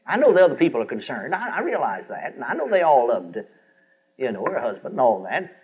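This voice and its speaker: An older man preaching a sermon, telling a story with folksy, animated delivery and acting out the voices he quotes. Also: medium pitch, fairly quick, breathy edge. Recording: dull lo-fi old sermon recording.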